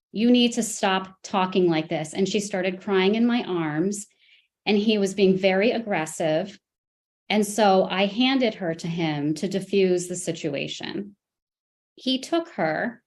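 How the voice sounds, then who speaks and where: A woman testifying in a custody case, telling events in a halting way with many restarts and fillers. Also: mid-range voice. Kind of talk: court testimony.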